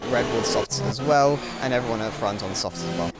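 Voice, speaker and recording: A man's voice: mid-range voice, expressive, brisk. Man commentating a sim race. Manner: chatty, rambling, self-correcting. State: slightly crackly voice. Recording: loud background engine noise.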